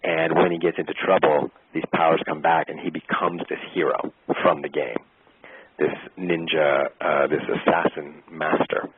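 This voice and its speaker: A man, an actor, telling an animated story in an interview and acting out the voices of the people he quotes. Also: rumbling low, normal speed, slightly rough, no room sound, narrow, tinny audio. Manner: lively, acts out quoted voices.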